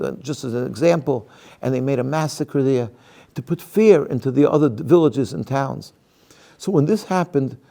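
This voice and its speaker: Emphatic man with a gravelly voice. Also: fairly high pitch, mellow. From United States. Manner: emphatic, argumentative, many restarts and rhetorical questions. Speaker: interviewee, activist. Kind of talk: impassioned interview answers.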